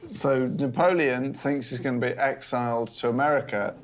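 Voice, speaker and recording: A man comedian retelling history in a dry, deadpan narrating manner. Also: medium pitch, normal speed, soft background music. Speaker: comedian storyteller.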